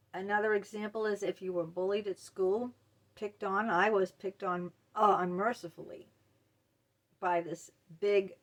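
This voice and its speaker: A middle-aged woman speaks personally to her viewers in a candid, emotional way. She stops and restarts often, filling gaps with ums and you-knows. Her voice sits at an ordinary middle pitch. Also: fairly bright tone. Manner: candid, emotional, halting with many fillers. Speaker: mental health video host. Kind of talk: personal talk to camera.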